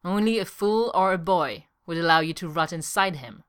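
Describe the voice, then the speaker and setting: A woman's voice: lowish voice, animated, a bit bright, smooth. A woman reading the part of a proud former slave, a young man who speaks coldly and crudely. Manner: cold, clipped, deliberately crude.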